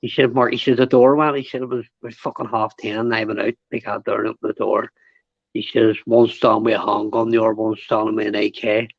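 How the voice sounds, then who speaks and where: A man tells blunt, sweary stories as a guest on a casual podcast. His voice is gravelly. The sound is dry and dull, with a lo-fi quality. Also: on the low side, flat delivery, fast, no room sound. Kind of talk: casual storytelling chat.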